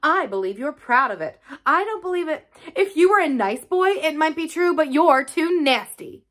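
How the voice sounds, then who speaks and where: A sour, obstinate little girl in a storybook reading, as a woman reader voices her. Her voice is clipped and sharp, with a lively lift and fall. She never gives an inch. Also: mid-range voice, normal speed. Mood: scornful. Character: stubborn sour-tempered young girl. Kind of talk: storybook read-aloud.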